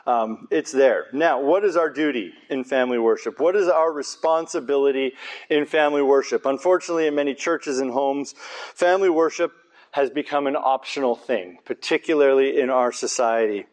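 A man's voice: mid-range voice, normal speed. A man preaching a conversational sermon in a church, earnest and informal, with casual asides to his congregation.

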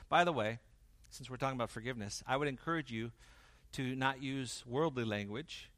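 Male pastor delivering a sermon, animated and shifting from loud to hushed, performs quoted voices, dry close recording. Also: medium pitch, brisk, no echo. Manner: animated preaching, swings from loud emphasis to quiet intensity; acts out quoted dialogue in varied voices.

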